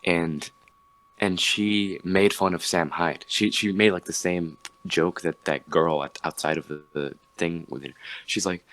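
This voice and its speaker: A man's voice: low-pitched, fairly even intonation, measured pace, fairly bright tone, no room sound. A young man on a podcast, chatting casually and telling a rambling story with many restarts. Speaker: podcast host. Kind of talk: casual chat.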